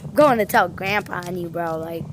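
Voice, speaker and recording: A woman's voice: lowish voice, moderate pace, a little hiss or hum, close to an everyday voice. A woman voicing a cheeky house cat who talks in slang, teasing and playful, as a comic voice-over for a pet video.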